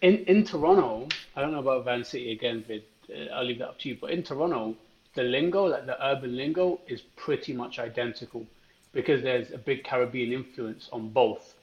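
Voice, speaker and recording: A man's voice: mid-range voice, brisk, lo-fi sound. A British man co-hosting a podcast, telling anecdotes in casual chat and swearing freely. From Britain. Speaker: podcast co-host.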